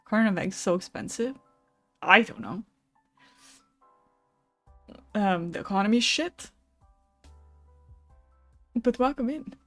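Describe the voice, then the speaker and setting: A woman's voice: mid-range voice, animated, unhurried, soft background music. A young woman streaming live, chatting casually with viewers between card readings, laughing often and swearing now and then.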